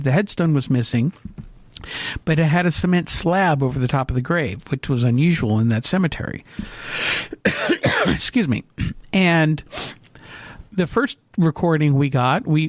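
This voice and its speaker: A middle-aged man telling a story in casual chat, with lively restarts and fillers. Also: on the high side, no echo. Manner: animated anecdote, hesitant fillers. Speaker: co-host.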